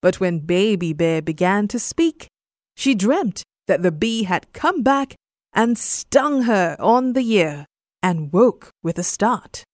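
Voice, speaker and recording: Slow, expressive woman reading a bedtime story. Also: medium pitch, no room sound, clean studio sound. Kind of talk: scripted bedtime story narration.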